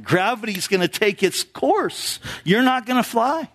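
A man's voice: very high voice, expressive, a little slow, a bit bright. A male pastor preaching a sermon in church, talking with the congregation through rhetorical questions.

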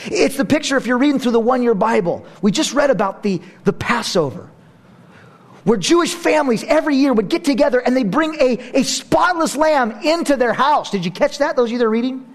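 Animated high-voiced male preacher. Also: a little fast. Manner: animated, swings from hushed to loud; playful asides and self-mocking humor. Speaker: pastor. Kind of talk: sermon.

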